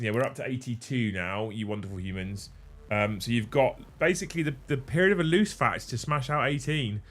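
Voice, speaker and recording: Sweary, excitable livestream host. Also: male voice, medium pitch. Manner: sweary, excitable, thanks viewers by name. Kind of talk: casual livestream chat.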